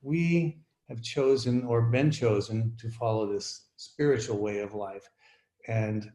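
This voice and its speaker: A man's voice: mid-range voice, fairly even intonation, dark tone. Reflective man, echoey call audio. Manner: halting, reflective, many "you know" fillers. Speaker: recovery meeting speaker. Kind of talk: personal sharing at an online recovery meeting.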